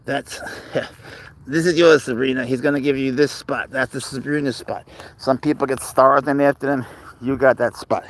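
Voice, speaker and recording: A man hosting a live stream outdoors at night on a phone, rambling and joking with viewers while talking softly to his cat. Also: medium pitch, steady tone, normal speed. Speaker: livestream host. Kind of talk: casual live-stream chat.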